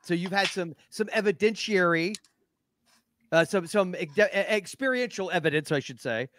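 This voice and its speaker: A man hosting a casual livestream chat, lively and chatty. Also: sits high, normal speed, a little hiss or hum. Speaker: host.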